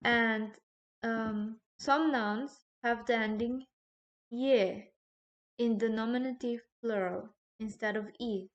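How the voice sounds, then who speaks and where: A woman teaching a recorded grammar lesson, explaining slowly and checking in with "okay?" between points. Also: fairly high pitch, steady tone, dull audio. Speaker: language teacher.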